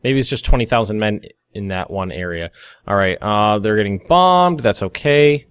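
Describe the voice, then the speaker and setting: A man's voice: on the low side, expressive, moderate pace, clear, resonant tone, dry recording. An American young man hosting a let's play, thinking aloud through a strategy game with frequent restarts and asides. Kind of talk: casual gameplay commentary. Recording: faint music behind.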